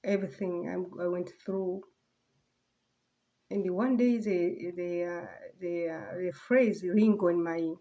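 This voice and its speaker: Brief: woman vlogger, mellow soft voice, halting and rambling, slips to near whispers. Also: lowish voice, muffled recording. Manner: halting, rambling, many fillers and restarts. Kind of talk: casual personal vlog monologue.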